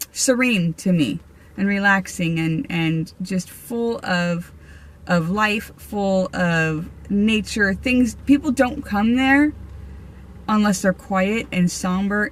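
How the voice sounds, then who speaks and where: A woman chats casually on camera, recounting ghost stories in a loose, rambling way. She often restarts her sentences and laughs between them. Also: mid-range voice. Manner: rambling, chatty, with frequent fillers, restarts and laughs. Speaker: vlogger and medium. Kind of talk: casual storytelling.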